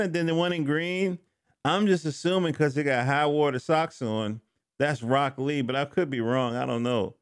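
A man's voice: medium pitch, dry recording, studio quality. Man rambling through a comic review. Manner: rambling, self-correcting, joking asides. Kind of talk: casual spoken review. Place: home studio.

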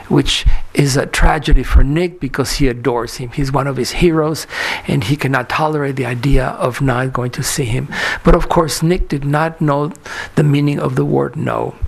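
In a lecture hall, a lecturer with a gravelly, medium-pitched voice delivers a conference talk made of stories about a photographer's life. His storytelling is full of filler words, and he often acts out quoted dialogue between characters.

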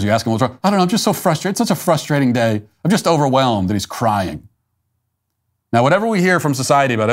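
A man hosting an opinion show, delivering a blunt, emphatic and scornful monologue. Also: lowish voice. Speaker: host.

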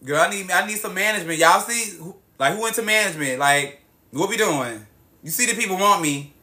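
High, bright man livestreaming. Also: brisk. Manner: excitable, profane, drawling, calls viewers baby and girl. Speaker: livestream host. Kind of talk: casual livestream chat, reading viewer comments.

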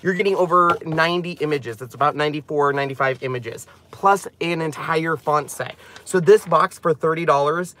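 A man presenting a craft channel, chatting casually and rambling excitedly as he walks through a product. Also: fairly high pitch, normal speed, few pauses, slight background noise.

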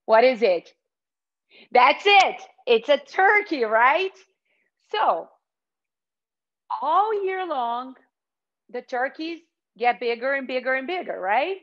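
Young woman doing kids yoga, high bouncy voice, slow and clear, kinda muffled audio. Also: big pitch swings, fairly bright tone. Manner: playful, sing-song, makes animal sounds. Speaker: kids' yoga teacher. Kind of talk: children's yoga class instruction.

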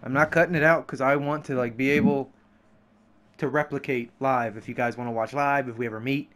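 A man's voice: mid-range voice, fairly even intonation, a little fast, a bit bright. A man casually commenting on a video game he is playing, loose and profane, joking at the screen. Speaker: let's play gamer. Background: game music and sound.

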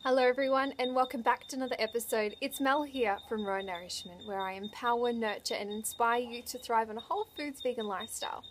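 A woman talking unscripted to camera in a vlog, emotional and choked up, often halting and restarting her sentences. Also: fairly high pitch. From Australia. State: tearful. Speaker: vlogger.

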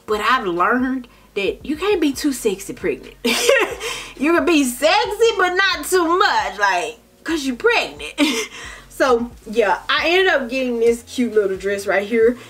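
The vlogger's medium-pitched voice has a slightly bright quality as she talks through her haul. She's a young woman, chatty though tired, who addresses her viewers as "baby" and "child" in a casual way.

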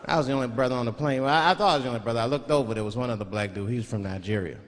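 A man's voice: mid-range voice, very fast, in a large hall. A man performing a stand-up comedy routine on stage, slipping into mock voices as he tells stories. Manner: animated, switches into mock voices. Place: comedy stage before a live audience. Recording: live show with crowd and noise.

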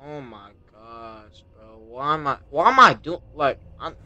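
A young man streaming a horror game, talking casually and nervously, repeating himself and yelping high when scared. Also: very animated, unhurried, pushed and bright, no echo, lo-fi sound. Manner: casual slang, says "bro". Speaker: gaming streamer. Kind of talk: horror game let's-play commentary.

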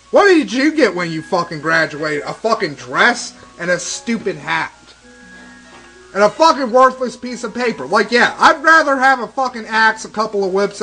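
A man's voice: high voice, big pitch swings, normal speed, sharp tone, poor audio. A young man doing profane, sarcastic let's play commentary, ranting and swearing constantly. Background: game music.

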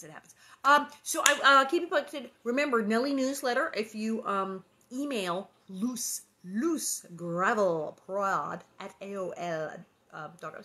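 A woman hosting an online book reading, chatting in a rambling, lively way with lots of fillers and quick laughs. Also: medium pitch. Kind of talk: casual chat between readings.

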